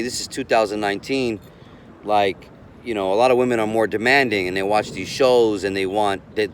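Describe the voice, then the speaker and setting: A man's voice: medium pitch, slight background noise. Rambling male coach outdoors. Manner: rambling, repeats words, earnest advice. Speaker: relationship coach. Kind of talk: casual vlog advice.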